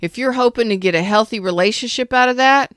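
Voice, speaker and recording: A woman's voice: on the high side, fast talker, a bit bright, no room sound, clean studio sound. A woman tarot reader doing a live reading as a casual, blunt rant, swearing freely, calling viewers out and answering chat comments. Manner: blunt, profane, calls viewers out.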